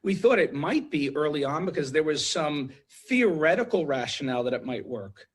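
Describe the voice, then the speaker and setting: A man's voice: fairly high pitch, very animated, normal speed, husky. A man speaking as an intensive care doctor in a TV interview, urgent and emotional, repeating himself with many restarts. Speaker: ICU doctor guest.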